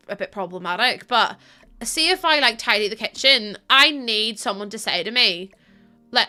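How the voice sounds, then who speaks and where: A woman's voice: medium pitch, bright, forceful tone. A woman, chatting casually on a live stream as she builds in a game, tired from little sleep and rambling with fillers and laughs.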